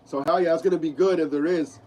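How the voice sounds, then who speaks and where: A sick man with a clogged nose hosts a horror film live stream, his voice on the high side, darkish, steady in tone, and fast, with a stuffy, nasal quality. He goes through viewer comments in a relaxed, slangy way, repeating phrases and saying "bro" to viewers. The audio is rough.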